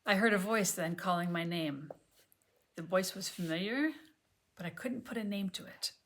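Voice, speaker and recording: A woman reading an audiobook chapter aloud at home, gentle and measured, sometimes dropping to a near whisper. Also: fairly low pitch. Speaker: audiobook reader. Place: home, on a sofa.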